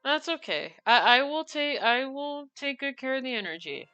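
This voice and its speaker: A woman's voice: sits high, very animated, normal speed, bright, forceful tone, clean tone, highs cut off. A young woman chatting casually while streaming a racing game, rambling with lots of fillers, apologizing and laughing often. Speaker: gaming streamer. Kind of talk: casual live-stream chat while playing. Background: game music.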